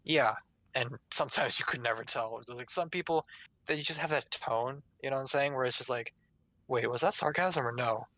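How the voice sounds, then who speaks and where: A man's voice: mid-range voice, brisk, pushed and bright, rough recording. A young man co-hosting a podcast, chatting casually and rambling, with lots of fillers while he acts out quoted lines. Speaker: podcast co-host. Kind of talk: casual chat.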